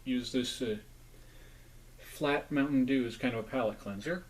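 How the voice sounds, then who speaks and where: A man's voice: mid-range voice, moderate pace, a little hiss or hum, rough recording. This is a man with an ordinary mid-range voice, talking casually to his viewers as he reviews junk food. He rambles, corrects himself, and sometimes speaks through a mouthful of food. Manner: rambling, chatty, talks with mouth full.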